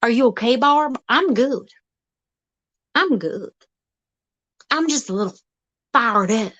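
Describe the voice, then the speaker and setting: Woman vlogger, high and bouncy, unhurried, folksy comic rambling. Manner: folksy, rambling, animated, teasing. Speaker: vlog host. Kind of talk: playful comic monologue. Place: outdoors.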